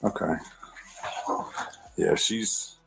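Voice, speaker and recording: A male police officer on duty, speaking calmly, politely and reassuringly. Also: drawn-out words, poor audio.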